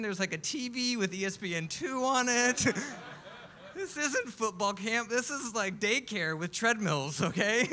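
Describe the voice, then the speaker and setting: Animated man telling a comic story. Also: high-pitched. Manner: animated, comic, acts out other people's lines. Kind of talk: live personal storytelling. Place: live stage at a music club.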